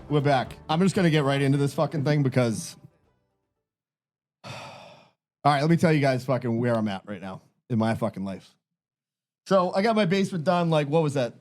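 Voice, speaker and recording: A man's voice: mid-range voice, darkish tone. A man in his thirties co-hosting a podcast, ranting in a tired, exasperated way and swearing constantly. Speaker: podcast co-host. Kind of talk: casual chat.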